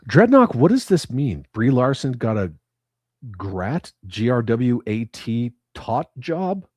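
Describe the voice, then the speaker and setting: Profane, animated male livestream host. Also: medium pitch, takes it slowly, no room sound. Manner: crude, profane, animated banter. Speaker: livestream host reading chat. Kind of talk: casual livestream chat.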